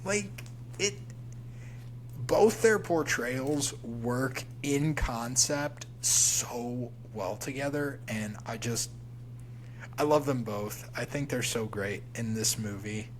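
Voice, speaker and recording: A man's voice: mid-range voice, slow, slight background noise, poor audio. A man co-hosting a movie podcast, chatting casually and giving enthusiastic, opinionated takes. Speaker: podcast co-host.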